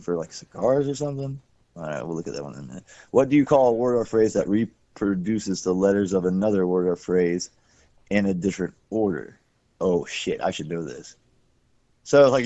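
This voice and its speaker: A man's voice: sits low, dark tone, dry recording. A man hosting a podcast in casual, rambling chat, swearing freely and breaking off his own sentences. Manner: profane, rambling, self-interrupting. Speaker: podcast host. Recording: dull dry lo-fi sound.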